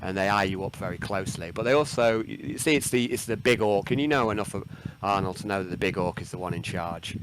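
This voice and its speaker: A man narrating as game master of a tabletop game, halting and full of ums and restarts. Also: low voice. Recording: noisy home recording.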